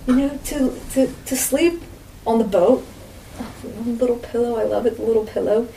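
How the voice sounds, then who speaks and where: Lady teaching bible stuff, chatty, lots of "you know", mellow voice, far from the mic. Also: fairly high pitch, normal speed, vocal fry. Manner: conversational, frequent "you know" asides. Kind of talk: informal sermon. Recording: roomy echo, distant mic, faint background noise.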